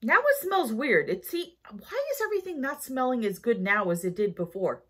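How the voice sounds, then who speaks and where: A woman's voice: fairly high pitch, very animated, moderate pace, fairly bright tone, slightly rough. A tired woman with a New York accent, rambling through a casual shopping haul vlog with lots of fillers and self-corrections. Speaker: haul vlogger.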